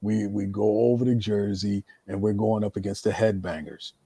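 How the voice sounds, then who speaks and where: A man's voice: on the low side, moderate pace, husky, no room sound. A man, a veteran wrestler, telling stories casually on a podcast and acting out the quotes. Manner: animated storyteller, acts out quotes. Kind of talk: casual storytelling chat.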